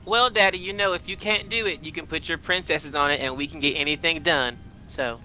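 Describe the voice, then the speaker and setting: A self-important young princess weighs a problem in formal, halting words, as a man plays her. The voice is bright and a bit tense, in his own range. It comes from a tabletop game. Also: a little high, slight background noise. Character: proud young sea princess and healer.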